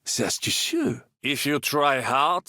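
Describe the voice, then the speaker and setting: An actor playing a flamboyant, optimistic French knight in a video game, with a French accent and a theatrical, boastful way of talking. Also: male voice, fairly high pitch, very animated, takes it slowly, vocal fry, pushed and bright, no echo, studio quality, full character voice.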